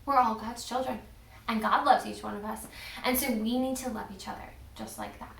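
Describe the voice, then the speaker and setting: Woman children's minister, expressive storyteller, high voice, echoey room. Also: fairly quick, creaky, a little hiss or hum. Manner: animated and expressive, addressing children. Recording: echoey room, far from the mic.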